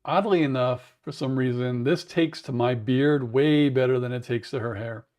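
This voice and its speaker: A man with a raspy voice, chatting in a rambling way to viewers on a livestream from home, humming to fill the wait. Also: medium pitch, moderate pace, a little mellow. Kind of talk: casual livestream chat. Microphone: wearable mic.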